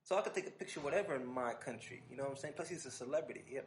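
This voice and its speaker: A man hosting a podcast, telling an animated, casual story full of restarts and asides. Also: mid-range voice, rapid-fire, few pauses. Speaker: podcast host.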